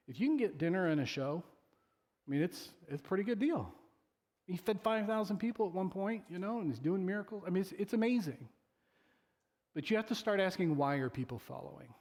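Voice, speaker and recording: A man's voice: on the high side, a little mellow. A male pastor preaching a sermon in a loose, conversational way, joking with the congregation and acting out quoted voices. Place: church sanctuary.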